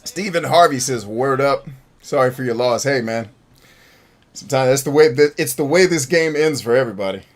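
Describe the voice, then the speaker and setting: A man with a medium-pitched voice speaks fairly quickly as he hosts a gameplay stream. He jokes, rambles and talks to his chat in casual commentary.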